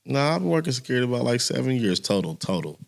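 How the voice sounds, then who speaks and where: A man's voice: mid-range voice, rapid-fire, creaky. A young adult man, a security worker and chef, chatting casually as a podcast guest and acting out quotes. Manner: animated, acts out quotes in raised voice. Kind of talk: casual storytelling chat.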